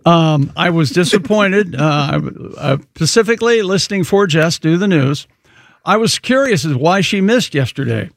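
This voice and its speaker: High-voiced joking radio co-host man. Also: expressive, moderate pace, creaky, no room sound, studio quality. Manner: joking, punning. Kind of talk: casual radio banter.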